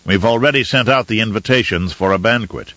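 A surly brute growls his lines bluntly, as a man reads him in an audiobook. The voice is low and the recording is dull and dry. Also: brisk, a bit bright, dry recording. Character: brutish, surly male nephew, growling.

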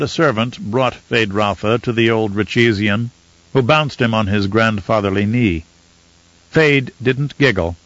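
A man narrating a novel in a measured storytelling manner. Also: fairly low pitch, a bit bright, no room sound. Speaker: audiobook narrator. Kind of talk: scripted audiobook narration. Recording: slightly muffled dry recording.

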